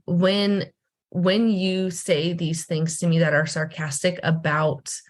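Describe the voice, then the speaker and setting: Woman, mother, podcast guest, lower voice, candid, reflective, restarts often. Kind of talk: casual podcast conversation.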